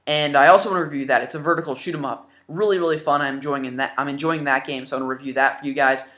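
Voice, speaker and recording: A man's voice: on the high side, fairly even intonation, rapid-fire, sharp tone. A man in his twenties hosting a casual gaming vlog, eager and rambling, with lots of ums. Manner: enthusiastic and rambling, with many fillers. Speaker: gaming YouTuber showing his new games.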